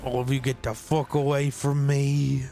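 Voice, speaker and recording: A male game streamer in casual chat, joking loudly and bantering with a friend. His pitch sits in a middle range, with faint game music playing under him. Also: level tone, moderate pace. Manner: joking, loud, banters with co-player.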